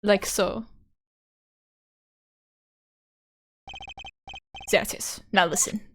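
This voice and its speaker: A woman's voice: mid-range voice, fairly even intonation, moderate pace, fairly bright tone, slight background noise, close to an everyday voice. Woman doing a smug German rock-star prosecutor. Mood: instructive. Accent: put-on German. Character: suave rock-star male prosecutor, cocky. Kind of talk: reading game dialogue aloud on stream.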